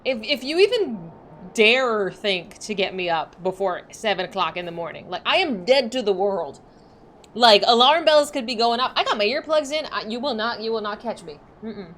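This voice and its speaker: A woman's voice: on the high side, animated, moderate pace, fairly bright tone, a little hiss or hum. A young woman streamer chatting casually and rambling as she plays, full of likes and restarts. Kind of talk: casual chat while livestreaming a game.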